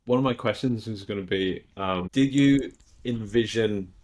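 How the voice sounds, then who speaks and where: A man's voice: on the low side, unhurried, darkish tone. Hesitant male podcast host. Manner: hesitant, many fillers. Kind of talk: casual interview chat.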